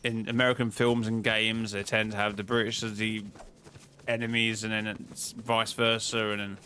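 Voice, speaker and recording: A man's voice: lowish voice, flat delivery, normal speed, bright, forceful tone, slight background noise. A man streaming and chatting casually about game-lore theories, rambling, restarting himself and answering his chat. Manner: rambling, talks to chat, frequent restarts and self-corrections.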